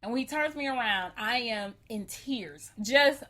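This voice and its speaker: A woman co-hosting a podcast, telling a story in a lively, animated way, laughing often and acting out what people said. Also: fairly high pitch, unhurried. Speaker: podcast co-host. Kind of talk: casual storytelling chat.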